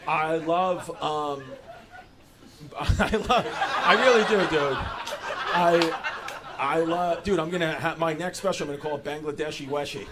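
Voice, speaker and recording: A man's voice: a little high, measured pace. A male stand-up comedian doing loose, rambling crowd work in a comedy club, saying "dude" a lot. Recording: noisy live club recording.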